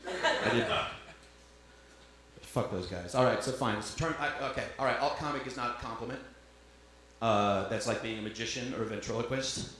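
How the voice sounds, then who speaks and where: A man's voice: medium pitch, fairly quick, pauses often, fairly bright tone. A man doing a stand-up comedy set, crude and bantering, with self-deprecating asides to his puppet. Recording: echoey club with crowd noise.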